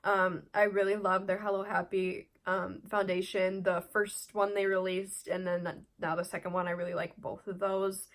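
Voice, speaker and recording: A woman's voice: mid-range voice, level tone, moderate pace, hardly any pauses. A young woman talking straight to camera in a casual beauty vlog. She is blunt and chatty, and she rambles through her opinions with plenty of fillers and restarts. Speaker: beauty vlogger.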